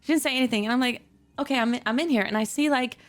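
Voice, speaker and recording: High-voiced woman telling a story with animated energy. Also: rapid-fire, faint music behind. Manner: animated, giggly, acts out the people in her story; many fillers and self-corrections. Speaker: streamer telling stories. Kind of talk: casual storytelling chat. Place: home, at her computer.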